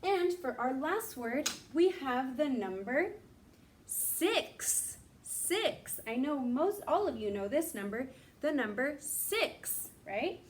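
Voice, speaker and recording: A young woman teacher leading a recorded phonics lesson for young children, stretching out sounds slowly and cheering the kids on. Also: sits high, sing-song, a little hiss or hum. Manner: slow, drawn-out sounding of words with cheerful prompts.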